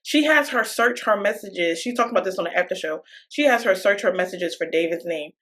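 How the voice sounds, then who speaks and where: A woman's voice: medium pitch, brisk. A woman co-hosting a podcast, casually and animatedly retelling a reality show and acting out what people said, with frequent laughter. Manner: animated storyteller, acting out quotes; laughs often. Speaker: podcast co-host.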